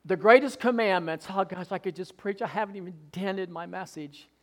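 Man, preacher, high-pitched, fervent sermon, loud bursts and quiet asides. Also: normal speed.

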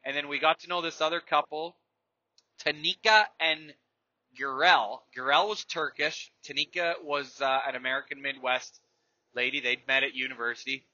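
A man's voice: on the high side, steady tone, moderate pace, sharp tone, no room sound. A man hosting a podcast, telling stories and ranting bluntly and profanely in a rambling, casual way. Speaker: podcast host. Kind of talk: casual storytelling rant. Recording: dry, slightly dull lo-fi recording.

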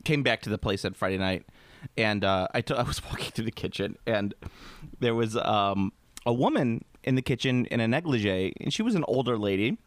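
A man's voice: lowish voice, brisk, no room sound. A man with a Midwestern American accent, co-hosting a podcast and telling rambling, joking stories in casual chat. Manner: rambling storyteller, animated and joking. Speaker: podcast co-host.

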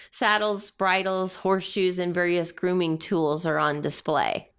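A woman's voice: fairly low pitch, fairly even intonation, measured pace, fairly bright tone, clear, resonant tone. A woman narrating a tabletop game as game master, describing scenes in detail. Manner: descriptive narration with laughing stumbles.

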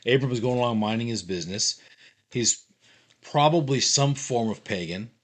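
A man co-hosting a casual Bible discussion podcast, playful and animated as he reads scripture aloud. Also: mid-range voice, normal speed. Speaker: podcast co-host.

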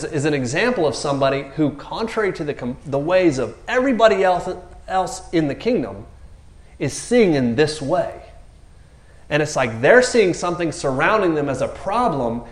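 A man's voice: a little high, normal speed, echoey room. A man preaching a casual, joking sermon, acting out the characters in raised voices. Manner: animated, jokey, acts out characters with raised voices.

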